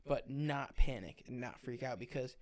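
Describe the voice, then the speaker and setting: Young man, casual podcast chat, blunt, cusses a lot, average pitch. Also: normal speed. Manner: blunt, swears freely, many fillers. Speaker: podcast co-host, firefighter.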